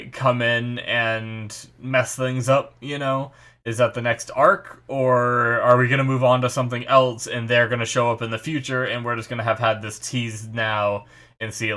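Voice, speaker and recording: A man's voice: medium pitch, bright, forceful tone. Rambling young man musing casually. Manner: rambling, many fillers and restarts, speculative. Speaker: anime reaction host. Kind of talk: casual solo commentary.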